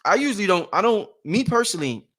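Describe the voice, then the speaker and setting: A man hosting a casual motivational livestream, rambling and repetitive, with slang and shout-outs to his viewers. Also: high-pitched, big pitch swings, quick pace. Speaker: livestream host.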